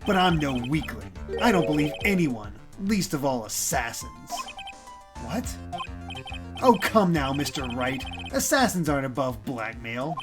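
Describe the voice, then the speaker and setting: A woman's voice: extremely low pitch, big pitch swings, a little slow, over music, heavily acted. A woman voicing a cold, mocking male celebrity villain while reading game dialogue aloud. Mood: menacing.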